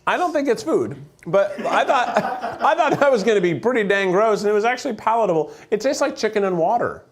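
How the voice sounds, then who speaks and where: A man's voice: sits high, big pitch swings. A man hosting a casual food-tasting chat, joking and rambling and laughing easily between bites. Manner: jokey, rambling, quick to laugh. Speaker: host. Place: studio set with food conveyor belt.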